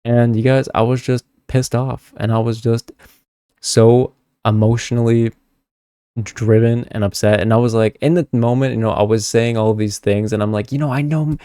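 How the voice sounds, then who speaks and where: A young man telling a story to camera in a casual vlog, animated, swearing freely and talking straight to his viewers. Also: mid-range voice, normal speed, clear, resonant tone, no echo, clean studio sound. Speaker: spiritual content creator.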